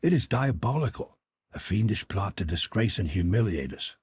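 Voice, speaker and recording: A man voicing an excitable, hysterical man who yells and rants in a shaky voice. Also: on the low side, moderate pace, slight background noise. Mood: furious. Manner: yelling, overwrought, shaky.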